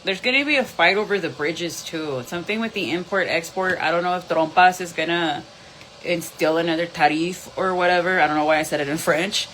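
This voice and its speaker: A woman's voice: lowish voice, brisk, fairly bright tone, a little hiss or hum, low-quality recording. Blunt woman reading tarot. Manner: blunt and profane, mixing English and Spanish. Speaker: tarot reader. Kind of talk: live-streamed tarot reading.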